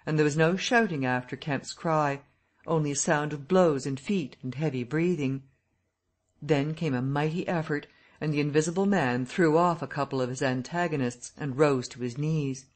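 Give me a man narrating a classic audiobook in a steady, even way. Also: on the high side, normal speed.

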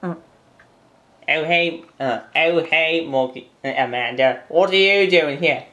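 A woman's voice: low-pitched, slow pace, fairly bright tone. A woman voicing a sheepish male train engine who fumbles with fillers and excuses in a fan-made toy train video. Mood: hesitant. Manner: hesitant, stumbling, full of fillers.

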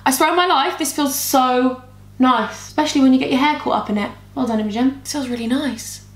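A woman's voice: sits high, a little fast. A woman, chatting and rambling through a makeup tutorial as she talks to her camera. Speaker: beauty vlogger. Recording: roomy echo.

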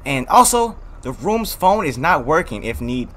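A man voicing a slow-talking adult male motel worker from a horror game, low and drawn-out with an oddly calm manner. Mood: flat calm.

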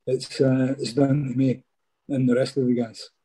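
A man's voice: medium pitch, little pitch movement, normal speed, warm tone, husky. A middle-aged man from Scotland, a former footballer chatting casually in an interview and peppering his stories with "mate".

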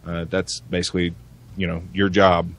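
Low-voiced man ranting casually. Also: monotone, normal speed, fairly bright tone. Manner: rambling, heavy swearing, many restarts. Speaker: podcast co-host. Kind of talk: casual chat.

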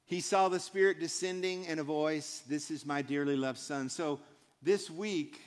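With a clean tone and a slightly high, unhurried voice, a man preaches in a church sanctuary where long hall reverb trails his words. He's a pastor, and his sermon is emphatic and built on short repeated phrases.

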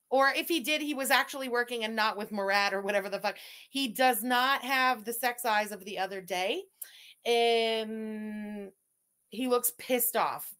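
A woman from Quebec, Canada, riffs sarcastically over a livestream she is watching. Her voice sits a little high and sounds bright and forward. She is blunt and swears freely. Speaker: commentator reacting to a livestream. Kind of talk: profane sarcastic reaction commentary.

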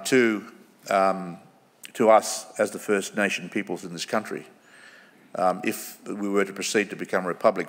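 A middle-aged Australian man from the Kimberley region, giving a formal lecture in a measured way, with pauses and ums. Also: lowish voice, fairly bright tone. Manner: measured, pausing with ums, acting out quoted voices. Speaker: guest lecturer. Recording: echoey lecture hall.

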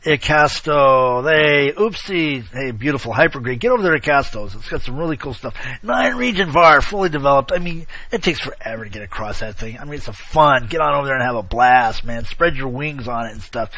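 A man hosting an online show, rambling casually with chummy shout-outs and sarcastic asides. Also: medium pitch, animated, brisk, few pauses. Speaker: internet show host. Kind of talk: casual chat, rambling commentary.

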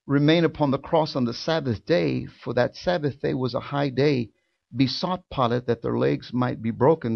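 A man preaching a sermon in a church, building from quiet, drawn-out lines to loud, fervent shouting. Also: medium pitch, vocal fry, dull audio. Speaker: pastor. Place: church sanctuary.

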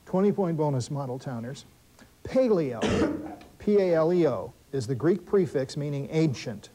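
Brisk, wry man hosting a quiz show. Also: fairly high pitch, lively intonation, warm tone, low-quality recording. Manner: brisk and wry, adds quick asides and corrections. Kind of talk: reading quiz questions, bantering with teams. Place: television studio.

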